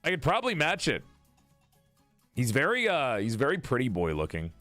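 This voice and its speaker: Man streaming, chatty, laughs a lot, swinging pitch, dry sound, soft music underneath. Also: normal speed, dry recording. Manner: animated, laughs often, chatty with viewers. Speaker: streamer and tabletop game player. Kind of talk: casual live-stream chat.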